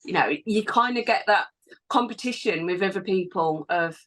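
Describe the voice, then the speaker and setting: A woman fitness instructor chats through a casual interview, animated and rambling with plenty of ums. Her voice sits at a middling pitch for a woman. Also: normal speed. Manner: chatty, animated storytelling with fillers.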